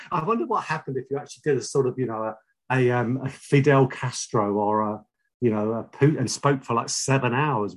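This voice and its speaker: Husky London man, halting and confessional. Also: mid-range voice. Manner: halting, repeats words, wry and confessional. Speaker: speaker sharing a recovery story. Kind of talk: personal testimony.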